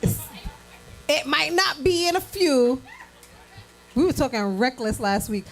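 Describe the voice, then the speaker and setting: A woman co-hosting a live show in a bar, giving loud, excited shout-outs to the crowd and joking with her co-host. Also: high-pitched, measured pace, soft background music, rough recording. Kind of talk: casual live show banter. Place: bar or lounge venue with a live audience. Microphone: handheld mic through a PA.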